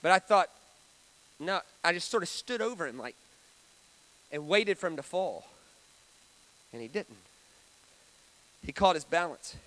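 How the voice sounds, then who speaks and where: A man preaching a storytelling sermon, talking to the audience in a conversational way with dramatic swings between loud and soft. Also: sits high, expressive, measured pace, pauses often. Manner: conversational, asks the audience questions.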